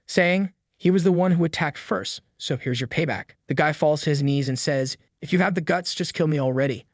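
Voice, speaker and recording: Male narrator for a comic recap, slightly high voice, dry close sound, wry asides to viewers. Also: dry recording.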